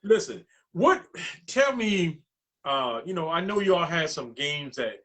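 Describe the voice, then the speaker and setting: A man's voice: a little high, very animated, slow pace, fairly bright tone. A middle-aged man, a retired coach hosting a talk show, chatty and telling stories while often calling his guest by name. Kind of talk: casual interview talk.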